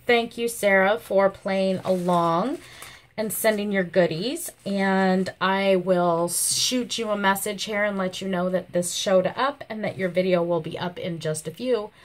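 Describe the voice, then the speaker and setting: A woman hosting a casual vlog, gushing with repeated thanks and praise, her voice hoarse and catching from a coming cold. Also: mid-range voice, unhurried. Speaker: channel host showing a viewer's craft entry.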